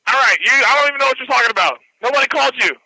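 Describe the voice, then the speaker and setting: A man working at a restaurant, answering the phone and pushing back calmly but firmly. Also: extremely high pitch, rapid-fire, husky, low-quality recording. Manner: calm but firm, repeats himself to push back. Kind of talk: phone argument. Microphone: telephone line.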